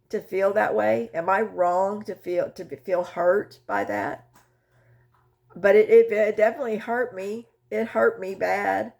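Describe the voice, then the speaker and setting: An older woman talking candidly about her grief in a personal vlog, emotional and halting, often repeating words as she searches for them. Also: lowish voice, vocal fry, a little mellow. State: widowed, tearful. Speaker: vlogger sharing her grief journey.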